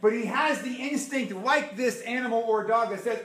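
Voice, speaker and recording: A man's voice: very high-pitched, moderate pace, hardly any pauses, a bit bright. A man preaching a sermon as pastor, emphatic, repeating his points and asking the congregation questions, in an echoey church. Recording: echoey room.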